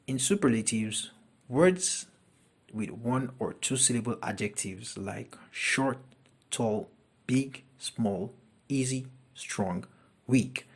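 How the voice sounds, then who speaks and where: A man teaches a grammar lesson at an unhurried pace. His voice is husky and a little breathy. He walks through each example carefully and repeats it for his students. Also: mid-range voice. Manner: deliberate, repeats each example sentence twice.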